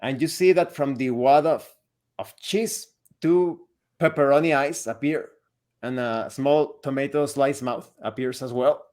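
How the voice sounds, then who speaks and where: A man narrating a tabletop role-playing game as game master, describing scenes in a steady, descriptive way. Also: mid-range voice, measured pace.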